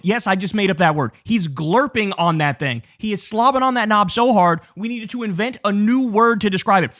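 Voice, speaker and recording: A man's voice: high-pitched, no room sound, clean studio sound. A man hosting political commentary in a casual, profane, mocking rant. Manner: mocking, animated, swears a lot, says bro.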